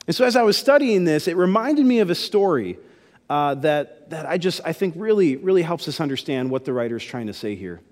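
A man's voice: on the high side, sing-song, brisk, long reverb tail. A man pastor giving a sermon in a casual, conversational storytelling way.

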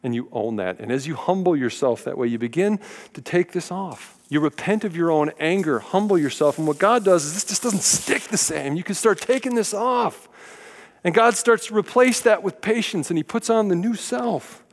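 A man's voice: high voice, expressive, normal speed. A man preaching a sermon in a conversational, folksy way with touches of humor. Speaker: pastor. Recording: long hall reverb.

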